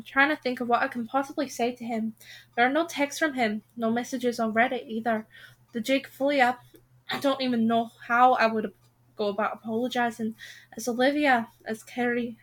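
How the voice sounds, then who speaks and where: Bright-voiced woman reading a novel aloud. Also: on the high side, moderate pace. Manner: expressive first-person storytelling. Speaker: reader.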